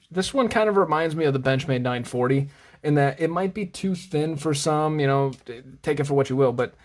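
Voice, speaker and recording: This man runs a knife and gear channel and is doing a casual show-and-tell vlog. His voice is a little high with a darkish tone, and he chats and rambles, often correcting himself and sounding slightly out of breath.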